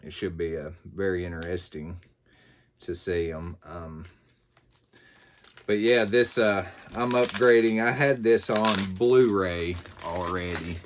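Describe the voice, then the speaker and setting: Male channel host, Southern US accent, deep voice, loose rambling delivery. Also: steady tone, takes it slowly, slight background noise. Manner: rambling, many fillers and restarts. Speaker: YouTube host. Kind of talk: casual unboxing chat.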